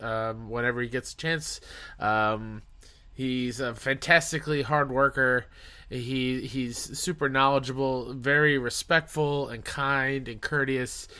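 Bright-voiced upbeat male podcast host. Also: mid-range voice. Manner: upbeat, friendly, rambling. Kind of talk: casual podcast intro and interview.

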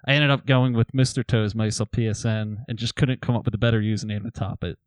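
On a podcast, a man with a lowish voice casually retells a story to friends, speaking fast and reading old messages aloud with laughs. He comes across as a relaxed storyteller, with no room sound on the recording.

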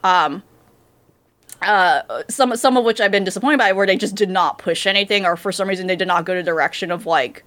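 Woman, casual podcast chat, rambling, lots of fillers and restarts, mid-pitched voice. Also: fairly quick, a bit bright. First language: English. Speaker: podcast co-host. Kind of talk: casual chat about anime dubs.

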